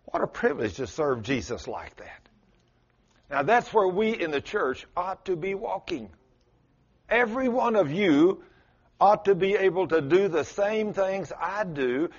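Husky guy preaching, kinda high voice, muffled lo-fi recording. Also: sing-song, measured pace. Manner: storytelling with dramatic swings in pitch and loudness. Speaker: pastor. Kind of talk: sermon.

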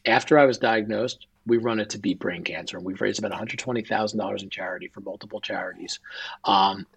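A man's voice: fairly low pitch, fairly even intonation, fast, vocal fry, slightly rough. A man, a guest and author, telling an emotional personal story in an interview and acting out quoted dialogue.

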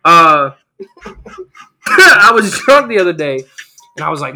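A young man in casual podcast chat, an animated storyteller who laughs through his words. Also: a little high, a little slow, faint music behind. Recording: noisy recording.

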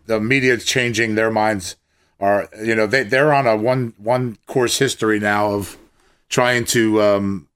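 Man, host, lowish voice, halting, brief agreeing replies. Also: steady tone, fairly bright tone, clear, resonant tone.

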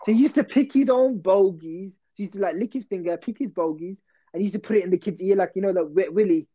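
A young man tells a story in loose, slangy, self-interrupting chat. His voice sits a little high but sounds dark and mellow. The recording is dull and lo-fi. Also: quick pace. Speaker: podcast host.

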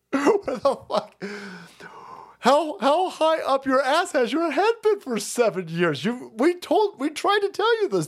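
A man hosts a live stream in a fiery, profane rant. His voice swings widely between high and low as he mocks and scoffs. The delivery stays loose, heated and unscripted. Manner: profane, heated, mocking rant with frequent laughs. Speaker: streamer host. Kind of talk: ranting live-stream commentary.

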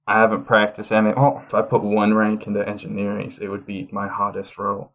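A man with a lowish voice trading jokes as a player in a tabletop game. His mic sounds dull and lo-fi. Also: monotone, a little fast, a bit bright. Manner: jokey, in-character banter.

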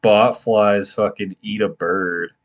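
A man's voice: on the low side, steady tone, slow, highs cut off. A man co-hosting a podcast, making blunt, crude offhand remarks. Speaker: podcast co-host. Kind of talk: casual chat.

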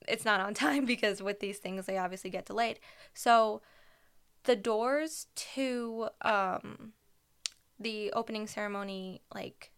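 A young woman hosting a podcast, telling a personal story in a chatty, excitable way with lots of fillers. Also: medium pitch, gravelly, clean tone. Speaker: podcast host. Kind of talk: casual storytelling.

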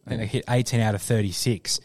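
An Australian man chatting on a podcast, telling excitable stories to his mates. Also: lowish voice, fast, dry recording. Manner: storytelling, excitable. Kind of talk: casual pub chat.

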